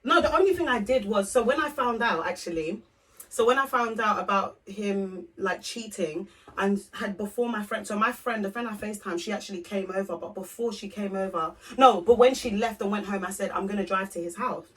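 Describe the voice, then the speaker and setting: A young woman tells a personal story on a podcast, playing out every line of dialogue herself. Her voice sits at a middle pitch and is picked up a little away from the mic. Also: brisk. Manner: candid, animated storytelling, acts out both sides of conversations. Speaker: podcast co-host. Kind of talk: casual chat, storytelling. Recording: voice from a distance off the mic.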